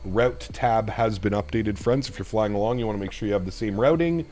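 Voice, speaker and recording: A man's voice: on the low side, a little fast, darkish tone, soft background music. A man from Canada streaming a flight simulator, chatting casually with his viewers and swearing freely. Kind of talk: casual live-stream commentary.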